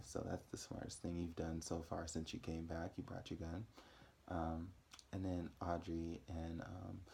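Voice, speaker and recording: A man's voice: low voice, vocal fry, darkish tone. A man casually recapping a TV episode in a rambling way, with frequent ums and self-corrections.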